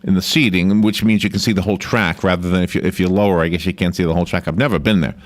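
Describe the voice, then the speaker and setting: A man's voice: deep voice, steady tone, rapid-fire. A man hosting a morning radio show, chatting casually and rambling with restarts, easily amused. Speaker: radio host.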